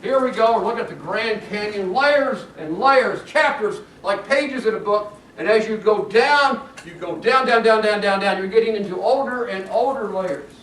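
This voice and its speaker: High-voiced man lecturing in an echoey room. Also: normal speed, few pauses, slight background noise. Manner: lively, jokey, laughs at his own jokes. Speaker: geology lecturer. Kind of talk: classroom lecture. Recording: echoey classroom recording from far off.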